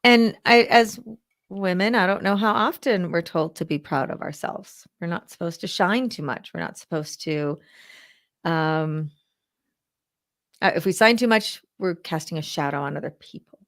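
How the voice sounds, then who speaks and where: A woman co-hosting a relaxed talk show, with a voice that sits slightly low. She is warm and encouraging and drags out some phrases as she thinks. Her talk is casual, with restarts along the way. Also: moderate pace. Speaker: podcast co-host. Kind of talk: casual chat.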